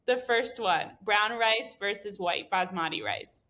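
A woman's voice: medium pitch, measured pace, bright, forceful tone. A woman hosting a food podcast, upbeat and giggly in casual interview chat. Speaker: podcast host.

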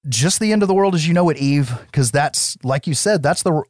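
A lively American man talks through a film's plot with big swings in pitch, laughing as he goes and dropping casual swears. His voice sits close and dry on the mic, with no room around it. He sounds like a podcast co-host deep in a relaxed recap. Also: fairly quick, no echo. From United States. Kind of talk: casual film recap chat.

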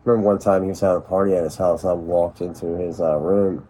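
A man's voice: sits low, steady tone, fast, warm tone, a little hiss or hum. A man hosts a casual chat from an outdoor hot tub, telling rambling, profane stories. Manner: rambling, profane, laid-back storytelling. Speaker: podcast host.

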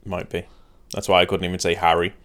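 Low-voiced man giving short dry replies. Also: little pitch movement, quick pace, a bit bright. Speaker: podcast co-host. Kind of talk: casual chat.

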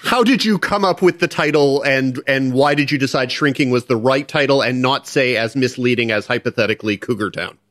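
A man's voice: mid-range voice, fairly quick, few pauses, fairly bright tone, no echo. A man interviewing over a video call, asking his questions in a dry, jokey way.

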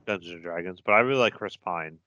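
A man's voice: deep voice, quick pace, pushed and bright, muffled recording, slight background noise. A man co-hosting a podcast, chatting casually and giving strong opinions. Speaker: podcast co-host. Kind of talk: casual chat.

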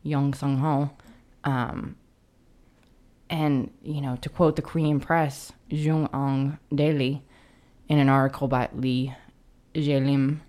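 A woman's voice: rumbling low, level tone, slow, pauses often, mellow. A woman co-hosting a podcast in casual chat, often hesitating and repeating words as she starts a thought. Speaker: podcast co-host.

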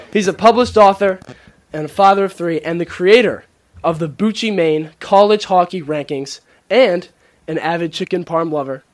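A young man hosting a student podcast, reading an upbeat intro and stumbling a little. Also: on the high side. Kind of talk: casual podcast interview.

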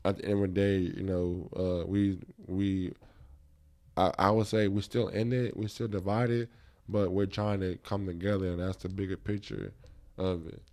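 A man's voice: low-pitched, level tone, normal speed, mellow. A man hosting a podcast in casual chat, reflective and rambling, with many fillers and restarts. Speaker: podcast host.

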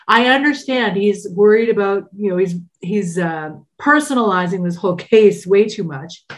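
A woman's voice: medium pitch, animated, moderate pace. A woman co-hosting a podcast, recapping a TV episode in a chatty, wry way with frequent filler words. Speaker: podcast co-host.

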